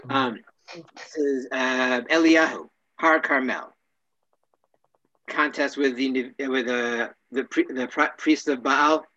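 A man teaching a casual class, wry and joking, often clearing his throat. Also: medium pitch, steady tone, slow, bright, forceful tone, highs cut off.

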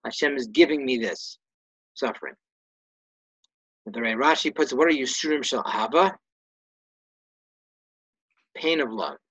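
A man's voice: medium pitch, unhurried, pauses often, fairly bright tone, breathy edge, dry recording, poor audio. A man leading a Torah study class, reading Hebrew and Aramaic phrases aloud and translating each one in a casual, self-correcting way. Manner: reads Hebrew and Aramaic phrases, then translates them plainly. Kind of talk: text-study lesson.

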